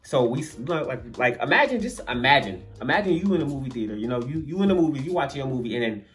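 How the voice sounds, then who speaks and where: A young man at an ordinary pitch spins a story-time tale for his viewers in loose, slangy speech. He gets animated and chuckles at his own story. Quiet music runs faintly beneath his voice. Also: quick pace. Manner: lively, slangy, laughs through the story. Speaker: storyteller vlogger. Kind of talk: casual story-time monologue.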